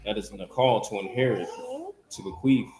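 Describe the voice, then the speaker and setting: A man reading scripture aloud at a Bible study, steady and measured through old-style verses. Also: on the low side, crowd noise. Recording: echoey room with background noise.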